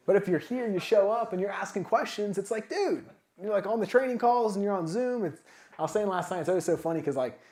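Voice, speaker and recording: A man giving a casual, energetic motivational talk at a sales summit, full of filler words like "like" and "man". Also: high voice, brisk. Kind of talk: motivational talk to a live audience. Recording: echoey event room.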